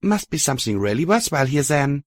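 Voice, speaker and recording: A man's voice: fairly high pitch, sing-song, normal speed, dry recording, pitched above the performer's own voice, rough recording. A man voicing a brash, blunt young mare adventurer in an audiobook of a pony story. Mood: coaxing. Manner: bold, blunt, lightly teasing.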